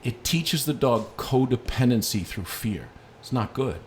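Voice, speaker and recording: In a relaxed, unhurried way, a middle-aged man walks listeners through a dog-training lesson, blending instruction with lively personal anecdotes. His pitch stays even in the middle range, and a faint hiss runs in the background.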